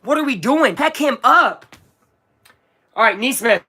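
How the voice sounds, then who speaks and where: A live streamer calling a basketball game as an excitable fan, swinging from low muttering to shouting and swearing. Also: unhurried, breathy edge. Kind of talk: live fan watch-along commentary.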